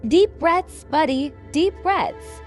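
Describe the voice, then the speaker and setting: A woman voicing a stoic male soldier team leader who gives steady, clipped orders. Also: high-pitched, slow pace, faint music behind.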